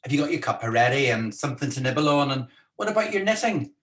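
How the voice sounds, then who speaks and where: Talking quickly in a mid-range, slightly bright voice with big pitch swings, the man keeps up his playful, teasing banter on the casual home live stream.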